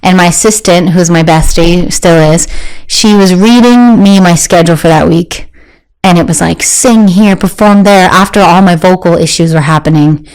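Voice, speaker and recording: A woman in her thirties, a guest talking candidly in an interview, animated and quick to jump into high voices when she quotes people. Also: low-quality recording.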